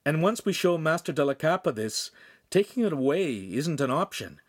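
A man's voice: fairly high pitch, big pitch swings, normal speed, dry recording, studio quality, pitched above the performer's own voice. A man reading an audiobook, voicing an earnest, careful teenage apprentice. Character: clever earnest teen apprentice.

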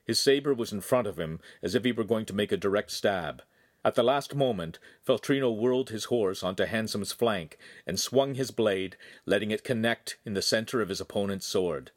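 A man's voice: on the low side, normal speed, dry recording, studio quality. A man reading a young adult novel aloud as the narrator, telling an action scene vividly. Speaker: audiobook narrator. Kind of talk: scripted narration.

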